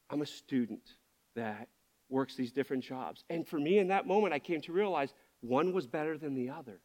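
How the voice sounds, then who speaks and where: A man's voice: fairly high pitch, expressive, moderate pace, darkish tone. A man preaching as a pastor, speaking candidly and confessionally, often restarting his sentences as he searches for words. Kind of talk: candid sermon.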